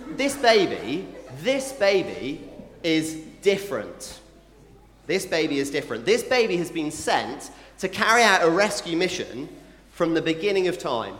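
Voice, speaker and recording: A man preaching to a mixed church crowd of families, playful and animated, tossing asides to the children. His voice sits a bit high and swings widely in pitch. It rings out in an echoey hall with a long reverb tail. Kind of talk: family Christmas sermon.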